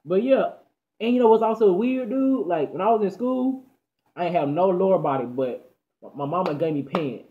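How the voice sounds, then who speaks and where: A teenage boy from Texas telling a story in animated, slangy chat, often stammering and repeating himself. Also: sits high, normal speed. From Dallas, Texas. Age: teens. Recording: dull lo-fi audio.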